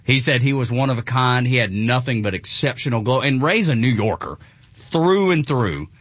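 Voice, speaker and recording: A man's voice: mid-range voice, expressive, moderate pace, fairly bright tone, no room sound, muffled recording. A man with a Southern US accent, hosting a casual chat, enthusiastic and often laughing. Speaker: show host.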